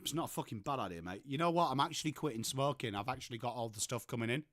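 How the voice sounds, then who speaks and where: English male stream host, bright forceful voice, dry close sound, chatty and sweary. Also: mid-range voice, very fast, no echo. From England. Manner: chatty, sweary, reads out and answers chat. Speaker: livestream host. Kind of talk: casual live-stream chat.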